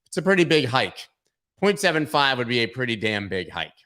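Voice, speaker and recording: A man's voice: medium pitch, sing-song, brisk, bright, forceful tone. A man hosting a casual market livestream, talking loosely with jokes and rambling asides. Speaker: host of a crypto market livestream.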